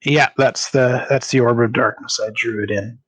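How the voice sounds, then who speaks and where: A man's voice: mid-range voice, fairly even intonation, normal speed, fairly bright tone. A man running a tabletop game as game master, narrating with many filler sounds.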